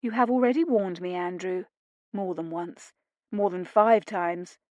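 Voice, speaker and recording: A woman narrator voicing a spirited young noblewoman who teases her husband in brisk, tart lines. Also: on the low side, a little mellow, dry recording, highs cut off, natural voice. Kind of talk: audiobook dialogue reading.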